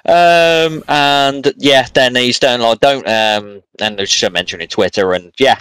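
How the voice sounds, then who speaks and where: This man's mid-range voice is steady, clear and resonant with a fairly bright edge, and he speaks a little slowly. He's co-hosting a podcast, loosely chatting through a wrestling show review full of fillers, recorded with no room sound.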